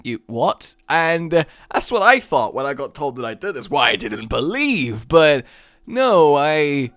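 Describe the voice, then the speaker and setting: A man rambling through casual let's-play commentary with a lively, swooping delivery that jumps from low mutters to excited yelps. His voice sits a bit high, and the recording is close and dry with no room sound. He talks in a self-mocking, wandering way. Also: unhurried, no room sound. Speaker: gaming YouTuber.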